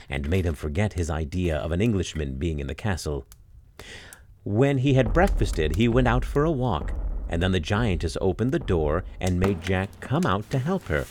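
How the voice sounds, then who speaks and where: A man narrating a fairy tale in an expressive, dramatic storytelling manner. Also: deep voice, a little hiss or hum.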